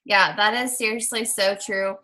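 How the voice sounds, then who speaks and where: A woman hosting a casual chat over a video call, talking quickly with lots of "like". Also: medium pitch, steady tone, bright, forceful tone, rough recording. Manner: chatty, many "like" fillers.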